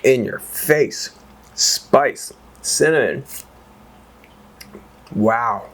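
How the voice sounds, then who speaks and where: A man's voice: medium pitch, extremely slow, pauses often. A man reviewing whiskey in a casual, rambling chat that wanders off on tangents and is full of exclamations. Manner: exclaims and swears freely.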